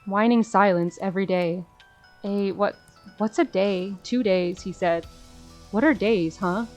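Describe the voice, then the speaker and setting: A woman's voice: medium pitch, measured pace, faint music behind, lightly acted. A woman playing a tormented, bitter trapped demon. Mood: anguished. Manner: dramatic reading, swinging between despair and shouted curses. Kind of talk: reading a visual novel aloud.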